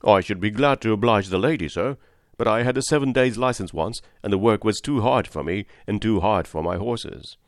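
A man's voice: fairly low pitch, normal speed, dry recording, clean studio sound, natural voice. A man reading an earnest honest cabman. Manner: earnest, respectful, plain-spoken. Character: honest hardworking male London cabman, steady and devout. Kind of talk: audiobook character reading.

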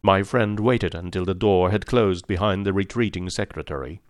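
A man narrating an audiobook in a measured, formal manner. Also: sits low, no echo, clean studio sound.

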